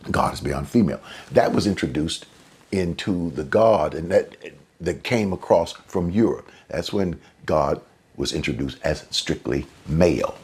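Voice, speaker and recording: A man preaching a sermon in a conversational way. He repeats and restarts phrases, and his pitch and volume jump up suddenly for emphasis. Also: animated, unhurried, darkish tone, slightly rough. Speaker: pastor.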